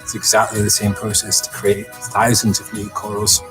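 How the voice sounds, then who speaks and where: A man's voice: lowish voice, monotone, normal speed, over music, rough recording. A man speaking earnestly and steadily about his foundation in a promotional interview. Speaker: foundation representative.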